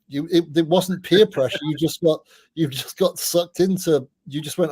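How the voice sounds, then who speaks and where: A middle-aged man, a podcast guest, telling anecdotes in a chatty way, often restarting his sentences and dropping in quick asides. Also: fairly high pitch, mellow, dry recording. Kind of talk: casual anecdotal storytelling.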